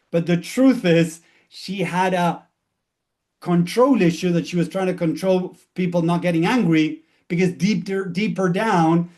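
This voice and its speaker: Higher-voiced man coaching on emotions. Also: darkish tone. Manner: explanatory, retells client sessions with quoted dialogue. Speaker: mindset coach. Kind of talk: motivational talk.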